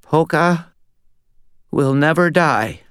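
A man's voice: on the high side, slow, fairly bright tone, clean tone, no echo, studio quality, voice pushed up. Brief: male narrator putting on a frail, trembling young man in an audiobook, voice thin and shaky. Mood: weak, shaken. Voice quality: weak, unsteady voice. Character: weak shaken young man, nervous.

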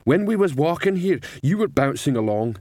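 A man voicing a slow, simple-speaking male troll drummer who talks ungrammatically, in an audiobook. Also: on the high side, sing-song, darkish tone, no room sound, studio quality, pitched above the performer's own voice. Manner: ungrammatical, plain-spoken.

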